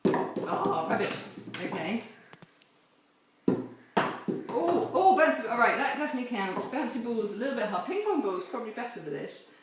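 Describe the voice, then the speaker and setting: A woman's voice: fairly high pitch, sing-song, a little fast. Cheery woman running a kids' church lesson at home, echoey, far from the camera mic, bit of hiss. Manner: cheerful, playful, explains step by step. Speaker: chapel children's assembly leader. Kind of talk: home video children's lesson. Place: home with garden course, indoors and out. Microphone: camera held by a helper some distance off. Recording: echoey, distant camera mic, faint noise.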